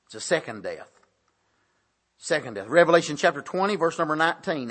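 A man preaching a sermon, punctuating points with "amen" and swinging between soft asides and loud emphatic calls. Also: on the high side, lively intonation, a little fast.

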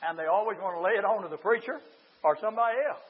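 Male preacher, high voice, shouts then confides, church sermon, muffled recording. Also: rapid-fire, breathy edge. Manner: swings from shouting to quiet confiding. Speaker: pastor.

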